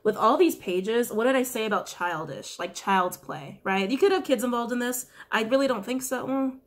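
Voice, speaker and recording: A woman's voice: a little high, lively intonation, moderate pace. Chatty woman giving a blunt tarot reading. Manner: chatty, repeats questions to the cards, swears freely. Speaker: tarot reader. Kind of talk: casual weekly tarot reading.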